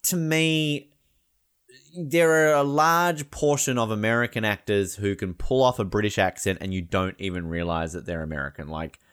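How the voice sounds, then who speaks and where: A man's voice: on the low side, steady tone, moderate pace, a bit bright, smooth. An Australian man co-hosting a podcast, chatting casually in a rambling way and laughing often. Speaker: podcast co-host. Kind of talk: casual chat.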